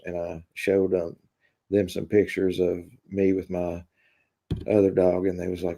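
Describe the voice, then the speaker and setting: A man hosting a live stream, chatting casually with viewers in a deadpan, rambling way full of fillers. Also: low voice, measured pace, creaky, long pauses. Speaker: live-stream host reading chat.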